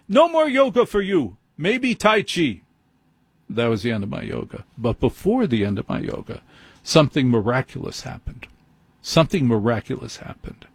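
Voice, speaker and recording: A man's voice: medium pitch, breathy edge, dry recording. A man hosting a late-night call-in radio show, telling a wry, self-deprecating story in a conversational way. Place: radio studio.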